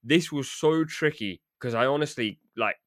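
A man's voice: mid-range voice, moderate pace, fairly bright tone, no room sound, clean studio sound. A man hosting a casual football podcast, leading the talk and laughing often. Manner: laughs often, leads the running order. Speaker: podcast host.

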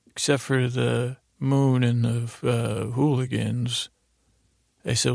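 A man improvising a rambling bedtime story as a sleep podcast host, halting with many restarts and fillers. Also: mid-range voice, creaky, dry recording, studio quality.

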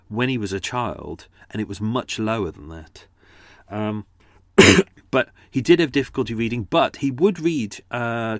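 A man's voice: mid-range voice, dry recording, clean studio sound. A man hosting his own storytelling show, chatting casually and self-deprecatingly to listeners, with plenty of fillers and restarts. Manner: does character accents for his stories. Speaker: podcast host and storyteller. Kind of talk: casual rambling chat to listeners.

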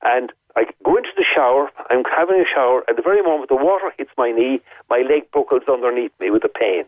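A man's voice: mid-range voice, animated, quick pace, no room sound. A man with an Irish accent calling in to a radio show and telling a long story in vivid detail, repeating his points for emphasis. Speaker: caller. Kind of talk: phone-in storytelling. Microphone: telephone. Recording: tinny phone line.

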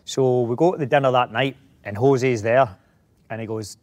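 A middle-aged Scottish actor, a guest in a casual interview, rambling through anecdotes with many restarts. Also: male voice, medium pitch, fairly even intonation, moderate pace.

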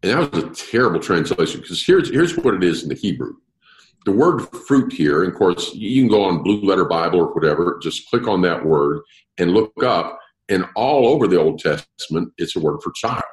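A man's voice: low-pitched, normal speed, reverberant, poor audio. A man leading an interactive Bible study, explaining verses and putting questions to his group. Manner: lively, asks the group questions. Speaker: Bible teacher.

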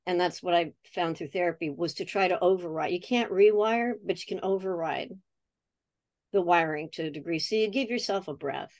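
Woman, 60s, lowish voice, earnest podcast guest, reflective and chatty. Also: fairly quick, a little mellow, no room sound. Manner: earnest and reflective, acts out remembered dialogue. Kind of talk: casual conversation.

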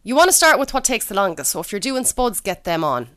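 A woman's voice: medium pitch, very animated, fast, fairly bright tone. Chatty Irish woman co-host. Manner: chatty, practical, explains step by step. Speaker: podcast co-host. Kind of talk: casual chat.

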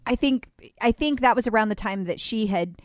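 A woman's voice: a little high, brisk, dry recording, studio quality. A woman co-hosting a casual movie podcast, chatting and agreeing with the others. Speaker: podcast co-host.

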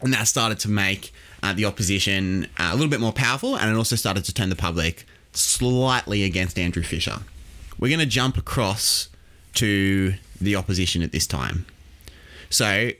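Australian man, deep-ish voice, casual explainer, quizzes co-host, podcast host. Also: normal speed, bright, forceful tone. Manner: lecturing, quizzes his co-host with questions.

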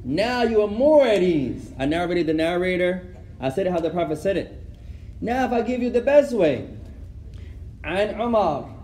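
In an echoey room with faint ambience, a man with a high, animated voice and darkish tone leads an Islamic studies lesson at normal speed. He asks rhetorical questions and slips Arabic phrases into his English.

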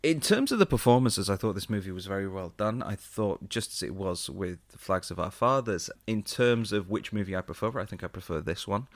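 A man's voice: lowish voice, lively intonation, a little fast, hardly any pauses, dry recording. A man co-hosting a podcast, explaining and reviewing films in a chatty, laid-back way. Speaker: podcast co-host. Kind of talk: casual film review chat.

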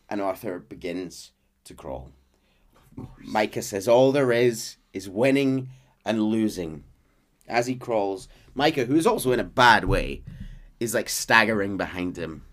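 Low-voiced male podcast host: steady story-recap narrator with dramatic read-outs. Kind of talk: storytelling recap of a video game plot.

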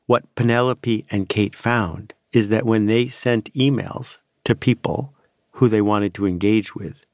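A man hosting a podcast, narrating a scripted essay in a measured way with dramatic pauses. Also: on the low side, creaky, dry recording, studio quality. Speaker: podcast host.

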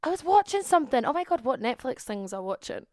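A woman's voice: high-pitched, big pitch swings, quick pace, darkish tone, dry recording, clean studio sound. A young woman in her twenties co-hosting a casual podcast, chatty and giggly, rambling through her stories. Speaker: podcast co-host. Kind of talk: casual chat.

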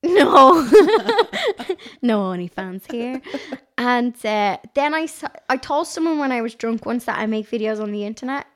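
Guest: Dublin woman, bright high voice, giggly self-mocking storyteller. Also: expressive, normal speed, smooth. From Ireland. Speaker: guest, craft blogger. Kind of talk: casual podcast chat.

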